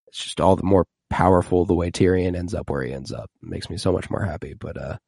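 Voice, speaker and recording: Low gravelly man recapping a show. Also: quick pace, a little mellow, no echo, clean studio sound. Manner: recaps scenes, quoting characters in playful voices. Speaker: co-host. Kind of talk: casual chat.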